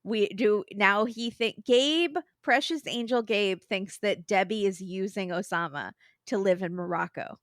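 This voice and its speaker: A woman's voice: mid-range voice, a little slow, dry recording. Woman with dry, close sound, sarcastic. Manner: wry, sarcastic asides. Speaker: podcast co-host. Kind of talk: casual chat.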